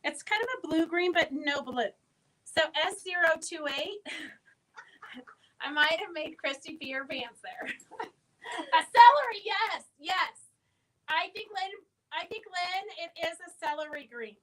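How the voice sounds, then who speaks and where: A woman's voice: high voice, animated, measured pace, bright, forceful tone, low-quality recording. A woman hosting a casual live-stream fabric sale, chatting and answering viewers' comments as she goes.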